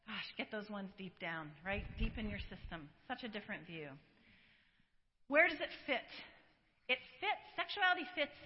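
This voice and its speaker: A middle-aged woman giving an animated, chatty church teaching talk and laughing often. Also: on the high side. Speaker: women's ministry speaker. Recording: echoey hall, dull lo-fi recording.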